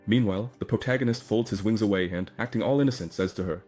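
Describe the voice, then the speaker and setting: Low-voiced man recapping a comic story. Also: quick pace, hardly any pauses, darkish tone, soft background music. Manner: chatty retelling with many "and so" links and asides. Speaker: recap narrator. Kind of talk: casual story recap narration.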